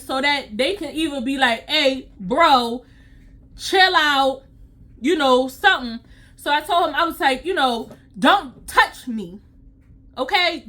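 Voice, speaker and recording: A woman CPR instructor telling a story to her vlog audience in a sassy, animated way. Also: high voice.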